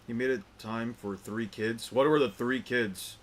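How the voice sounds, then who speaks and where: A man's voice: medium pitch, fairly even intonation, measured pace, slight background noise. A young man chatting casually with his viewers, rambling and repeating himself as he restarts his thoughts. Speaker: streamer reacting to chat.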